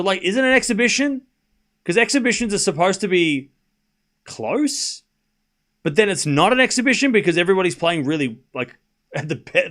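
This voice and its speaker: A man hosts a live tennis watchalong, talking loosely to his chat. His voice sits a little high for a man, and he rambles through rhetorical questions and dry sarcastic asides between calling the score. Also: a bit bright. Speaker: stream host and tennis commentator. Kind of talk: casual livestream commentary.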